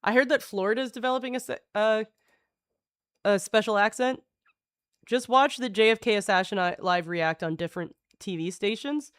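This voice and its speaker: A woman's voice: mid-range voice, moderate pace, clean tone, dry recording. A woman streamer chatting casually with her viewers, rambling, reading passages aloud, swearing freely and chuckling.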